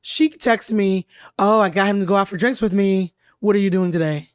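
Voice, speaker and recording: A hoarse woman hosts a casual studio chat, telling stories with expressive energy. Her voice sits at a middling pitch and the room sounds dry and close. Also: normal speed, dry recording. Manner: chatty and expressive, storytelling. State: hoarse from laryngitis. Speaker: podcast host. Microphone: studio mic.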